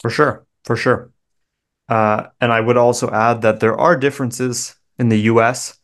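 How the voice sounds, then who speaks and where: A Canadian man, a guest English teacher, talking slowly and clearly for learners in a thoughtful, explaining way. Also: medium pitch, little pitch movement. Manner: measured, thoughtful, explains carefully. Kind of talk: slow clear conversation for learners.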